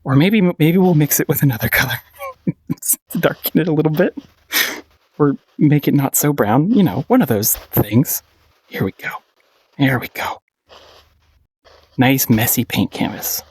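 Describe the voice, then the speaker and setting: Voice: mid-range voice, lively intonation, measured pace, darkish tone, slightly rough, no room sound. A painting instructor giving a casual paint-along tutorial, playful and encouraging, often giggling and repeating short phrases.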